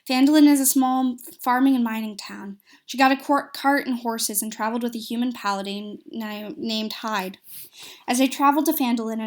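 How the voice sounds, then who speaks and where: Higher-voiced woman narrating a game recap. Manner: reads steadily with small slips and restarts. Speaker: storyteller recapping a tabletop game.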